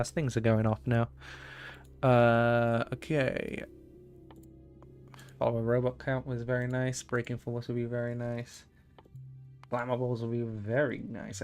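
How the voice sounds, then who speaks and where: A man's voice: mid-range voice, gravelly. A man streaming a game live, rambling and thinking aloud with many fillers. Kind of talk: live gameplay commentary.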